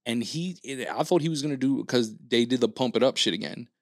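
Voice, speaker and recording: A man's voice: mid-range voice, a little fast, no echo, studio quality. A man co-hosting a podcast, telling a long story in casual chat, acting out quotes and cursing freely. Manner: animated storyteller, acts out quotes, frequent swearing and fillers. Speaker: podcast co-host.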